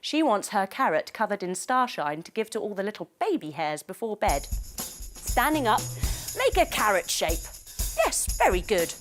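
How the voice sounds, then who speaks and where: A woman teaching yoga to children through a bedtime story, giving gentle, playful, coaxing instructions. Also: medium pitch, sing-song, normal speed, soft background music.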